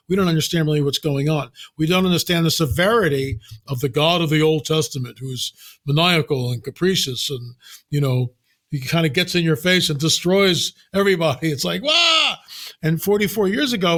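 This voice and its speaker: An older man speaking as a podcast guest, telling stories in an emphatic, animated way with sudden exclamations. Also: fairly high pitch. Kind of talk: casual podcast conversation.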